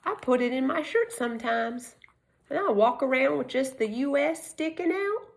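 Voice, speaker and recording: A woman with a Texas accent talks to the camera in a casual, preachy way. She leans hard on her points and sometimes leaps up into excited, high exclamations. Her voice sits a little on the high side. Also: moderate pace, vocal fry. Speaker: vlogger speaking on constitutional rights. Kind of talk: casual chat.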